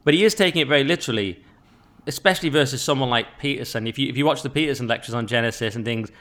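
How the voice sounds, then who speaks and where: A man's voice: mid-range voice, very fast, fairly bright tone. A man hosting a podcast, explaining at length and setting out the structure of the discussion in casual conversation. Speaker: podcast host.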